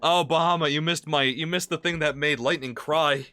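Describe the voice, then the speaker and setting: A man's voice: fairly high pitch, fairly even intonation, moderate pace, pushed and bright, slight background noise. A young man streaming a game, joking crudely with chat and laughing easily. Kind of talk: casual let's-play chat.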